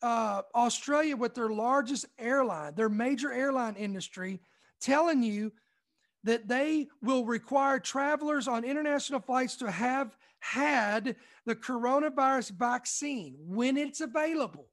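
A man's voice: very high-pitched, animated, a bit bright. Emphatic man from Kentucky. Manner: emphatic, repeats points slowly for effect. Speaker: online commentary host. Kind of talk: reading and commenting on news.

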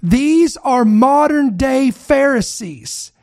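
A male preacher in full sermon mode, his voice pitched high for a man. He talks with fervent emphasis, stacks up phrase after phrase and keeps calling on the congregation to answer him. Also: animated, takes it slowly, darkish tone. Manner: repetitive, building lists.

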